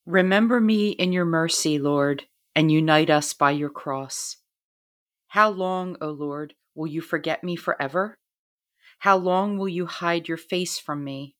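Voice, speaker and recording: A woman reading a psalm aloud in a slow, mournful, solemn way. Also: low-pitched. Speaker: liturgy reader.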